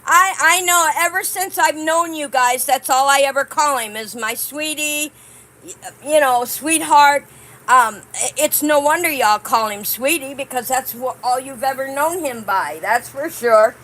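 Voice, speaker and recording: A woman hosting a casual vlog, chatting with her viewers and reading cards aloud in a warm, drawn-out way. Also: high voice, low-quality recording. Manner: warm, reads cards aloud slowly, chatty asides to "guys". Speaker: channel host.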